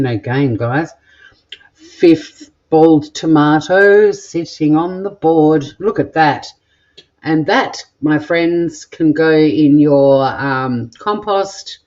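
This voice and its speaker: This cooking vlog features an Australian home cook joking crudely and rambling while making food in a home kitchen. The mid-range voice is a little mellow, and the audio sounds dull.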